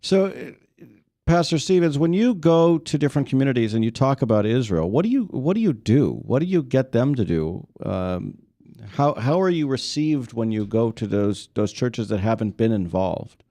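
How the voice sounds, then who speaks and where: Mellow-voiced male interviewer. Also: medium pitch, expressive, moderate pace, no echo, studio quality. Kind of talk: interview questions.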